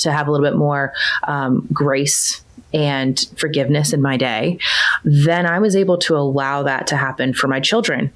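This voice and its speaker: A woman in her thirties, a coaching client, telling a family story in casual conversation, with animated jumps up in pitch when she quotes her children. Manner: animated, rises high when quoting her kids.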